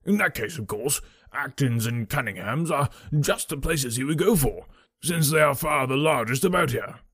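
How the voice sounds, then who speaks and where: A male reader playing a bluff retired colonel over sixty, brisk and matter-of-fact. His voice has a husky grain, recorded dry and close. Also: medium pitch, expressive, a bit bright, dry recording. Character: bluff old retired army colonel, hearty country gent. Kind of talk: audiobook character reading.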